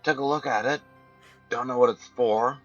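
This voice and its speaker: Man, tabletop player, short plain replies, mid-pitched voice, muffled mic. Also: fairly even intonation, normal speed, soft background music. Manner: brief, matter-of-fact. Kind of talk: casual chat at a game table. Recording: dull lo-fi mic.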